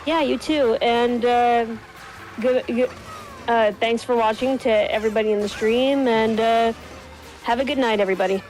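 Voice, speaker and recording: A woman's voice: fairly high pitch, steady tone, moderate pace, darkish tone, faint music behind, poor audio. A woman joining a gaming stream as a guest, chatting casually in a hesitant way with many fillers. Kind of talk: casual chat.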